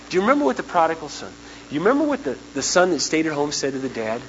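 A man preaching a sermon as pastor, impassioned, swinging from hushed lines to shouting ones, in a large church auditorium over the sound system. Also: fairly high pitch, wildly swooping pitch, racing. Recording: dull 1990s church tape with hall echo and hum.

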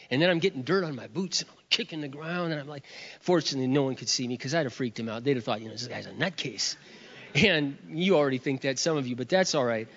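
A middle-aged man preaches in a lively, high voice, mocks himself, and acts out both sides of a prayer. The sound is muffled and carries a long echo through a large hall. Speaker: pastor. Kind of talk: sermon with storytelling.

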